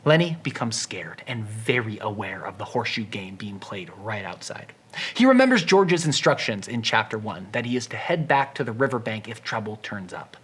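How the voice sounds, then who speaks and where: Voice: mid-range voice, sing-song, normal speed, a little hiss or hum. Wry, chatty literature explainer. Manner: wry, chatty asides, drops to a hushed tone for dark scenes. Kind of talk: casual book summary with dramatic readings.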